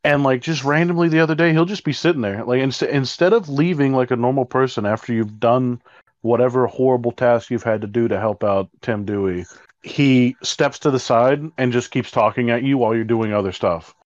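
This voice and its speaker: Speaking briskly at medium pitch, a co-host in casual conversation rambles through an exasperating work story and swears freely. The audio is dry and slightly dull, echo-free.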